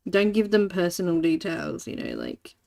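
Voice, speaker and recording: Chatty woman on a live coloring stream, laughs a lot, gravelly voice, pitch all over the place. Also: wildly swooping pitch, normal speed, darkish tone. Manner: chatty storytelling with frequent laughs. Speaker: livestream host. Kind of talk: casual chat while coloring.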